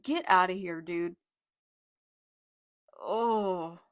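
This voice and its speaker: A woman reading a manga live and reacting, excitable and gushing, with gasps and exclamations, reading character lines aloud plainly. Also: mid-range voice, takes it slowly, dry recording, clean studio sound. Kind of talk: live read-along reaction.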